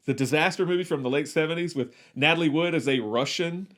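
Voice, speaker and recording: A man's voice: on the high side, fast, fairly bright tone. A man co-hosting a movie podcast, chatting casually in a rambling, wry way and often correcting himself mid-sentence. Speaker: podcast co-host.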